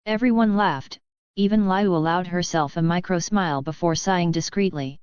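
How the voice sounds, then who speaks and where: A woman reading a web novel aloud as an audiobook narrator, in a steady, even voice with little acting between the figures. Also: fairly low pitch, normal speed, clean tone, no room sound, lo-fi sound.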